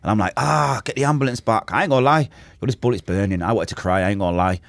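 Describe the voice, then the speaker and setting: A fast-talking man from Manchester with a lowish voice and vocal fry, recorded dry. As a podcast guest in a casual interview, he narrates his story vividly, acting out quotes, making gunshot sounds, and leaning on street slang and oaths.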